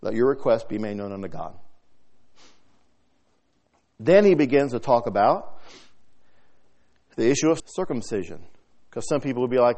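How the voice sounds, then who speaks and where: A man preaching a sermon, reading scripture aloud and swinging from soft talk to loud, emphatic delivery. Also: mid-range voice, animated, normal speed, long pauses.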